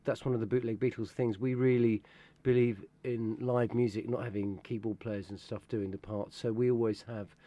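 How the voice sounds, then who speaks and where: A man's voice: medium pitch, steady tone, moderate pace, hardly any pauses, dark tone. A man in a tribute band, chatting casually in an interview, rambling with fillers and laughter.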